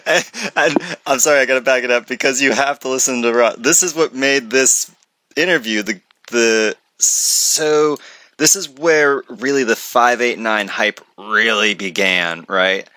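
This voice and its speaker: A man commenting excitedly on a conference video, rambling with many restarts and jokes. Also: medium pitch, measured pace, no room sound.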